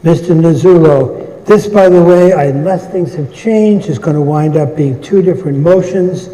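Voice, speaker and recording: A man moderating a town meeting, calling articles and votes in a brisk, procedural way with light asides. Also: a little high, mellow. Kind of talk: running a public meeting. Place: large meeting hall. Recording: echoey hall with long reverb.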